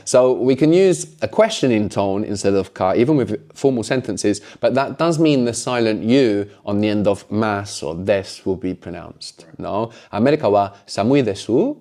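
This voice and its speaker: A man's voice: on the low side, normal speed, hardly any pauses, mellow. A man teaching a language lesson, explaining patiently and often closing points with a questioning "no?".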